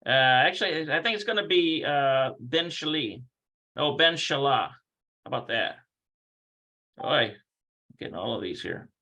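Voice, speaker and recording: Lively bright-voiced man teaching casually. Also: mid-range voice, a little slow, creaky, long pauses, rough recording. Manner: rambling, thinks aloud and corrects himself. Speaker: Hebrew teacher. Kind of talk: casual livestreamed language lesson.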